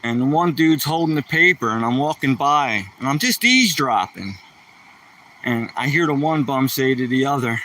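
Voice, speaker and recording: At medium pitch and a moderate pace, this man animatedly rambles through cheesy jokes and self-mockery while hosting a casual livestream. His voice comes across pushed and bright, captured from a distance.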